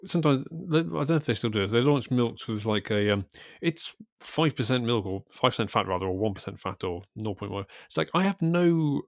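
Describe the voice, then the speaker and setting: A man's voice: mid-range voice, animated, brisk, gravelly, few pauses, dry recording, clean studio sound. English man, musing and teasing. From England. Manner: musing, rambling, teasing questions. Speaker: podcast co-host. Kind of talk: casual chat.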